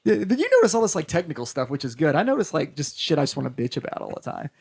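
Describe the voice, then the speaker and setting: Podcast co-host, male, fairly high, gravelly, animated and foul-mouthed. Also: rapid-fire. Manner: animated, profane storyteller who acts out quotes. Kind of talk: casual chat.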